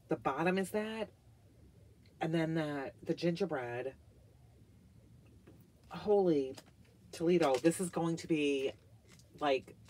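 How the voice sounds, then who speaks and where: Middle-aged woman, casual haul vlogger; slow, gushing delivery with lots of fillers and hushed asides. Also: low-pitched, breathy edge. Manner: gushing, chatty, full of "like" fillers, drops to whispered asides. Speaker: vlogger reviewing wax melts.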